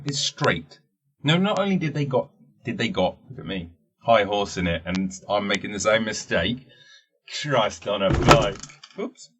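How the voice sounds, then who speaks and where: A man's voice: fairly low pitch, breathy edge, dull audio. A man hosting a casual solo podcast, rambling and jokey and swearing freely. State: wearing teeth-straightening trays. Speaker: podcast host.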